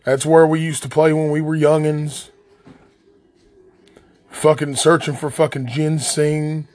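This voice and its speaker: A podcast host with an Appalachian accent, from the southern West Virginia coal fields, rants alone, blunt, angry, and heavily profane. His fairly high, darkish voice stays level and unhurried.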